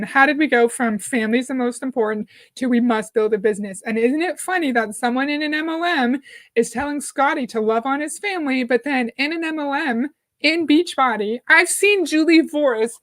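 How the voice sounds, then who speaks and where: A woman's voice: sits high, a little fast. A woman hosting a live reaction stream, chatting casually, greeting viewers by name and reading their comments aloud. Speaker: livestream host.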